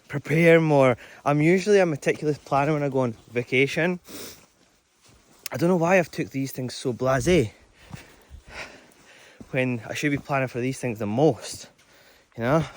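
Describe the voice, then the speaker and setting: A man vlogging to camera while walking a trail outdoors, chatty and self-deprecating, a little out of breath. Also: medium pitch. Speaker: van life vlogger. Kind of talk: casual vlog talking to camera. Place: outdoors on a coastal hiking trail.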